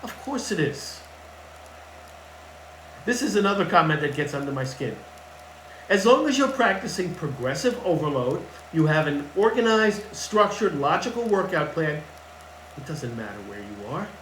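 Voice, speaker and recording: Man, fitness coach, blunt and emphatic, slightly high voice, echoey room, faint background hum. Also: big pitch swings, moderate pace, fairly bright tone. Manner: blunt, emphatic, repeats key points. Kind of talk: casual advice talk to camera.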